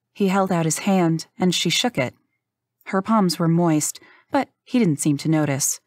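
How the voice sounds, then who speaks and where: Low-voiced woman narrating a romance audiobook. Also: unhurried, a little mellow, dry recording, studio quality.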